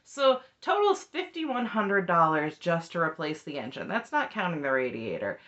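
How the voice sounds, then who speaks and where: A woman's voice: fairly low pitch, sing-song, moderate pace, fairly bright tone, muffled recording. A woman casually recapping a reality show, chatty and opinionated, often tossing in "just saying.". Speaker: recap vlogger.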